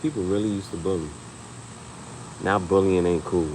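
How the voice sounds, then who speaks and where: A young man with a lowish voice riffs through a casual comedy chat, laughing as he tells stories. He keeps jumping into high-pitched acted quotes of other people. A faint steady hum sits behind him. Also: moderate pace, poor audio. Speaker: podcast host.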